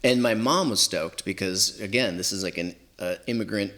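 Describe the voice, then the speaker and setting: Rambling low-voiced man telling stories. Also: normal speed, sharp tone. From Southern California. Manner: rambling, heavy use of "like" and "you know". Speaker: podcast guest. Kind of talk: casual storytelling.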